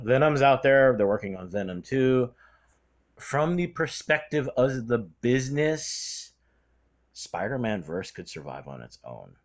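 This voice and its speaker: A vlogger gives casual opinion commentary that rambles and turns sarcastic, often trailing off with a throwaway "blah, blah". The pitch moves a lot and jumps up and down between phrases.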